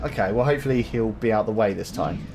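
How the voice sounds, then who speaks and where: A man's voice: on the low side, fast talker, a little mellow, a little hiss or hum. A man co-hosting a video game playthrough, teasing his partner with dry jokes. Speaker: co-host of a gaming channel. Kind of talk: casual let's-play banter.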